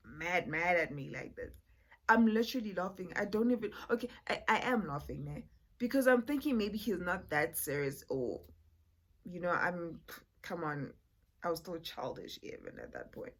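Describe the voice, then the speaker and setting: A woman's voice: lowish voice, lively intonation, normal speed, fairly bright tone. A woman, chatting to her viewers in a casual storytime vlog. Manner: chatty, addresses viewers as "guys", many fillers. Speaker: vlogger.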